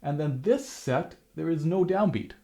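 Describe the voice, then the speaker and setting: A man's voice: a little high, lively intonation, unhurried, mellow. A man teaching a harp lesson, explaining rhythm and counting the beats aloud as he plays, with frequent restarts.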